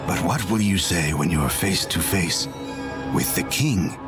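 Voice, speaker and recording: A grim old villager with a thin, raspy voice, as a male narrator puts him on, lower and slower than the narration. Music runs quietly behind him. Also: expressive. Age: older.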